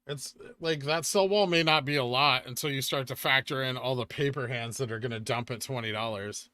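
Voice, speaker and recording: A man's voice: medium pitch, fairly quick, pushed and bright, dry recording. A man with a Californian accent, chatting casually while hosting a live trading stream and answering questions from chat. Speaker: livestream host.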